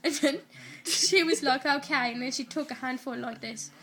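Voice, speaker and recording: A woman's voice: high voice, normal speed, fairly bright tone. A woman with an Irish accent casually retelling a TV episode to someone filming her, stringing events together with "and then" and "like" and giggling along the way. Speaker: person retelling a TV episode to camera. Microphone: handheld camera recording.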